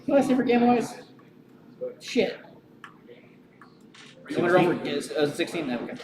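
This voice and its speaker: High-voiced man running a live game. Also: sing-song, moderate pace, noisy background. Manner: laughing, loose, joking narration. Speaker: game master. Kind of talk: live tabletop game narration. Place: brewery, live show. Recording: roomy live venue with crowd. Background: crowd.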